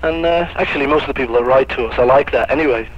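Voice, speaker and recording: A man's voice: mid-range voice, rapid-fire, highs cut off, noisy background. Easygoing man on old tape. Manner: easygoing, hesitant, lots of "you know". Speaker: musician interviewee. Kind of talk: casual interview answers.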